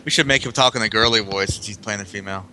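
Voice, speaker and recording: Male player, lowish bright voice, crude joking banter, faint music behind. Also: very fast. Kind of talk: casual tabletop game chat.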